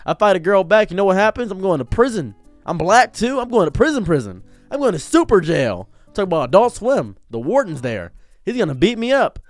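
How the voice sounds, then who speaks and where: A man streamer delivering a sarcastic comedic rant in a mock-macho manner, swinging between booming lines and muttered asides. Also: very animated, fairly quick, dry recording, soft background music. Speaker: streamer and commentator.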